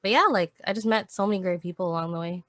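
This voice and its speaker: A woman's voice: lowish voice, fast talker, a bit bright, dry recording. Chatty woman streamer, dry sound. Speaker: streamer guest. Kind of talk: casual chat.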